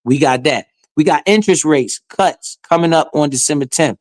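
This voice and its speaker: Slangy, animated man with dry sound. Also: a little high, moderate pace, no echo. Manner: animated, slangy, swearing, talks to chat. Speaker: crypto live streamer. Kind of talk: casual livestream commentary.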